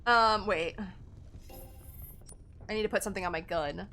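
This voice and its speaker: A woman's voice: medium pitch, normal speed, pushed and bright. A woman streamer chatting casually while playing a game, correcting herself often and swearing now and then. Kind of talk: casual gameplay commentary.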